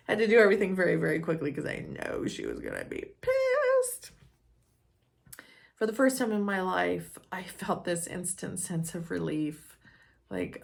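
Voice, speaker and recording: Candid woman, low voice, personal story talk. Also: wildly swooping pitch, gravelly. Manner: earnest, candid, measured. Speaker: speaker on personal growth.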